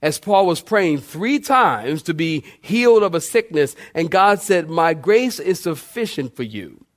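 A man's voice: expressive, a little slow. A man preaching a sermon, building his points by repetition and calling on the congregation to respond. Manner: preaching with call-and-response, sweeping pitch swings. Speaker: pastor.

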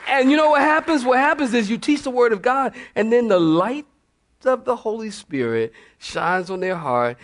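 A man's voice: very high voice, normal speed, some chatter behind. A male pastor preaching a sermon, telling stories with humor, laughing often and mimicking church members. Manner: animated storytelling, mimics church ladies.

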